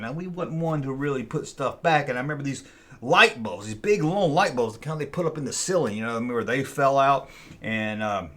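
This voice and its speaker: A man hosting his own channel tells a childhood story in a rambling, folksy way, repeating himself often. His voice is mid-range and a bit bright.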